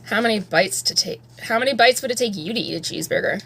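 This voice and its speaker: A woman's voice: fairly high pitch, quick pace, vocal fry, fairly bright tone, a little hiss or hum. Rambling, candid woman chatting on a live stream. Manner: rambling, candid, swears freely. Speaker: livestreamer. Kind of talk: casual live stream chat. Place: at home, doing her makeup.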